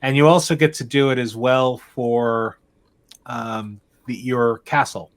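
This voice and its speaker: Male game master, mid-pitched voice, loose narration full of restarts, tabletop session. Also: fairly even intonation. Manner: meandering, halting narration with frequent restarts.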